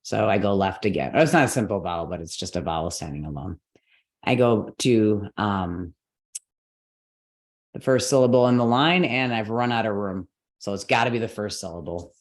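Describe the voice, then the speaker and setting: A woman's voice: extremely low pitch, lively intonation. Woman patiently teaching Sanskrit stress rules. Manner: patient explaining with frequent okays and all rights; slows down to spell out syllables. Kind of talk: online mantra lesson.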